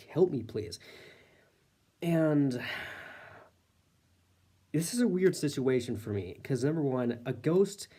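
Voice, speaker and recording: Mellow man rambling through a story. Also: mid-range voice. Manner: rambling, filler-heavy, lots of "like". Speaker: storyteller host. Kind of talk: casual personal storytelling.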